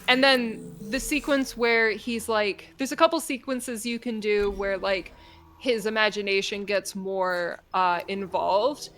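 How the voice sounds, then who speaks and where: A woman's voice: mid-range voice, fairly bright tone, slight background noise. A woman streamer casually retelling a story in a rambling way, with many fillers.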